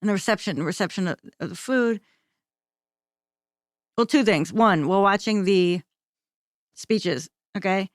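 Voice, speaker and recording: A woman's voice: mid-range voice, measured pace, long pauses, dry recording, studio quality. Rambling woman forever asking "okay?". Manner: rambling, self-interrupting, keeps asking "okay?". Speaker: podcast co-host. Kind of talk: casual comedic chat.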